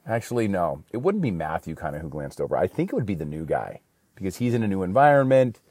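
A man's voice: low voice, big pitch swings, quick pace, darkish tone, husky, no echo. A man talking in a rambling, slangy casual monologue in a studio, saying bro a lot.

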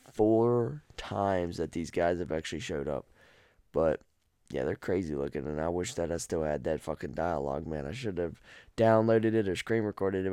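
A man's voice: deep voice, warm tone, clean tone, no room sound, studio quality. A man hosting his own podcast, chatting about a horror game in a rambling, profane, jokey way. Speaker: podcast host.

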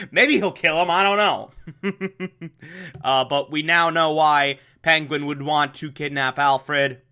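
A man's voice: a little high, sharp tone. A man giving a casual, comedic recap of an episode, wry and chatty with laughing asides. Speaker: show host recapping an episode.

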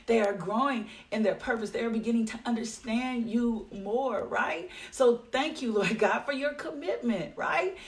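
Woman preaching a devotional, fervent and repetitive, higher voice, sits a bit back from the mic. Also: measured pace, hardly any pauses, recorded from a distance. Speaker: devotional leader. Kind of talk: devotional talk and prayer.

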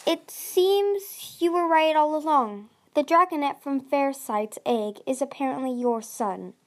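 Brief: cool, boastful large male dragon, voiced by a woman, a touch high. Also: unhurried. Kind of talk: amateur audiobook reading.

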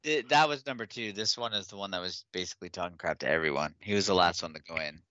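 A man narrating as game master in a tabletop game, halting and restarting as he goes. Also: low-pitched, sharp tone, dry recording, highs cut off.

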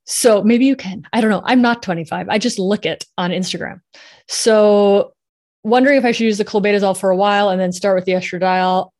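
A woman's voice: medium pitch, brisk, a little mellow. A woman hosting a live podcast, answering listener questions in a chatty way with many fillers. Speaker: podcast host and sexual health coach. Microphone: headphones with mic.

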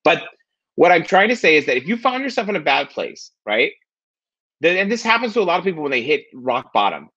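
Guy talking fast and lively on a podcast, bright husky voice, kinda dull lo-fi sound, keeps going "right?". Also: fairly high pitch. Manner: animated, fast, repeats "right?". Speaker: podcast guest. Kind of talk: casual chat.

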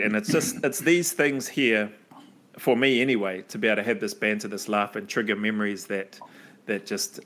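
A man's voice: fairly low pitch, a bit bright. A man hosting a podcast, reminiscing earnestly in casual conversation and laughing often. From New Zealand. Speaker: podcast host.

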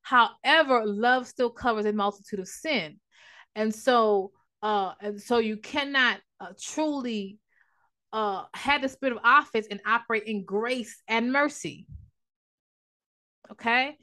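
A woman preacher delivering a sermon, emphatic at times and dropping to a hush for storytelling. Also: fairly high pitch, a little slow.

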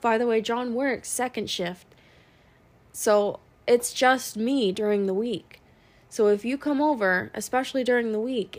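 A young woman, a working mother, talking in a blunt, profane, venting monologue. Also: fairly high pitch. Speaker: working mom podcaster. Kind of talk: casual monologue.

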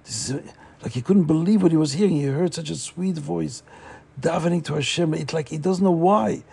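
A man narrates a story in a loose, chatty way, with frequent fillers and restarts. His voice is gravelly and husky, pitched slightly high but dark and mellow in tone. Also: brisk. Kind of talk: casual oral storytelling.

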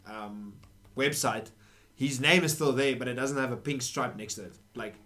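A man's voice: mid-range voice, normal speed, bright, forceful tone. A man co-hosting a casual football podcast, joking, laughing often and reading off numbers. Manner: laughing, joking, rattles off stats. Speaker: podcast co-host.

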